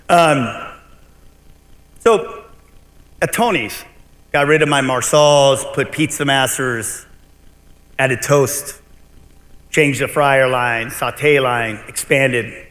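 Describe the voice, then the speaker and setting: With a mid-range, slightly bright voice, a middle-aged man speaks as a restaurant owner at a conference keynote. He's animated and blunt, swearing here and there, and the sound carries the long reverb of a large convention hall.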